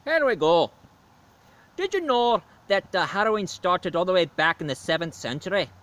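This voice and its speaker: A man's voice: sits high, animated, moderate pace, a bit bright. A man doing a cheeky Irish leprechaun. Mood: storytelling. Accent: put-on Irish brogue. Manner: jolly, chummy, drops laddie and aye. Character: cheeky male leprechaun, boastful and flirty. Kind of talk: storytelling character voice.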